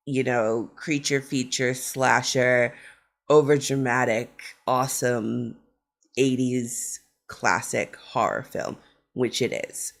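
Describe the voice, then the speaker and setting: A middle-aged woman ranting casually on her horror vlog, sarcastic and profane as she tells stories. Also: sits low. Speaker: horror vlogger. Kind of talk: casual rant.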